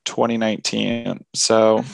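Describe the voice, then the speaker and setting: A man's voice: on the low side, flat delivery, slow pace, vocal fry, dry recording. A young man co-hosting a podcast in casual chat, rambling and self-deprecating with lots of filler words. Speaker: podcast co-host.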